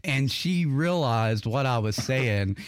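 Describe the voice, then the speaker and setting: A man's voice: medium pitch, animated, takes it slowly, no room sound, studio quality. A man co-hosting a casual podcast, telling crude, profane stories and laughing often. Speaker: podcast co-host.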